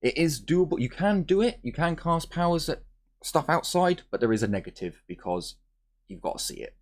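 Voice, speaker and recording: A man's voice: fairly high pitch, sing-song, normal speed. A man game master explaining rules and narrating a tabletop game in a chatty, joking way.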